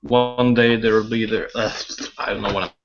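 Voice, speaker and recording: A young father chatting on a video call, slow and halting. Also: on the low side, level tone, over music. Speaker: father of toddlers. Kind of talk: casual chat. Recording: dull lo-fi call audio.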